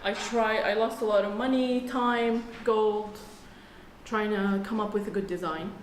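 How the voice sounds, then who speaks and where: Guest: woman from Saudi Arabia, relaxed and plain-spoken, echoey room. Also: medium pitch, unhurried. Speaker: jewelry business owner, guest. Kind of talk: casual interview. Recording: echoey room, faint noise.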